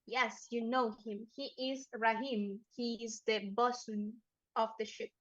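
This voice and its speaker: A woman narrating as game master of a tabletop game, measured and acting out characters now and then. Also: fairly high pitch, fairly even intonation, a bit bright, highs cut off.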